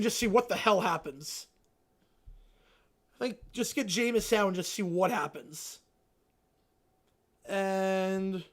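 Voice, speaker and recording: A man hosting a live stream, chatting casually and answering viewers' questions, swinging between loud excited rants and quiet low asides. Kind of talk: casual live reaction chat.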